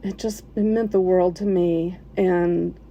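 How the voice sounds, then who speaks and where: A woman telling a personal story as a podcast listener, in an emotional, halting way with soft laughs. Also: on the low side, fairly even intonation, low-quality recording.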